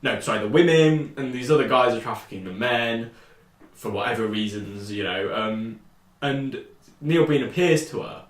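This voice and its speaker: A British man co-hosting a podcast in casual chat, animated and rambling, jumping high when he quotes people. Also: moderate pace. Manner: animated, rambling, shoots up in pitch when quoting. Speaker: podcast co-host. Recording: echoey room, off-mic.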